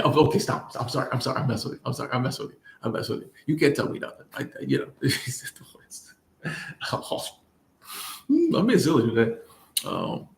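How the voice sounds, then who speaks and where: A man hosting a casual livestream, reading chat and answering viewers in a relaxed, playful way, often repeating his phrases. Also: medium pitch. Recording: echoey room.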